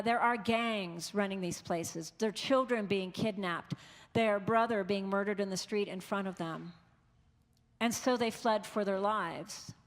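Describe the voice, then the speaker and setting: A woman pastor giving an earnest, conversational sermon, quoting the people she has met. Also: medium pitch. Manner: earnest, conversational preaching with quoted voices. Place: large church. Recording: long church reverb.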